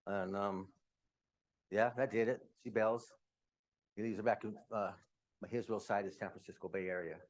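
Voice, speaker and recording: A man in his fifties from Utah, candidly telling his own life story to a room, with quick asides. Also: fairly low pitch, steady tone. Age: 50s. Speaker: speaker. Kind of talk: personal story talk.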